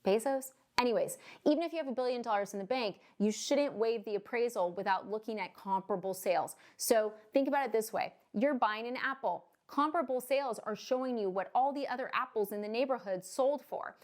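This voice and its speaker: Chatty woman with a slightly high voice. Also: brisk, few pauses. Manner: chatty, peppers points with "right?" and "okay?"; jokey asides and acted quotes. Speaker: mortgage loan officer. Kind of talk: casual explainer to camera.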